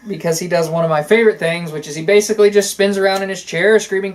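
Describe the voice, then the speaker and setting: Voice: mid-range voice, steady tone, fast, low-quality recording. Opinionated talk-show co-host, casual. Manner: opinionated, talks in long runs with fillers. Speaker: podcast co-host. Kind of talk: casual political chat.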